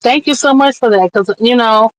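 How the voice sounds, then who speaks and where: A woman guest with a voice on the high side talks at a moderate pace on a streamed interview show, recorded roughly through a remote streaming mic. She's an earnest, impassioned advocate, nearly in tears at times.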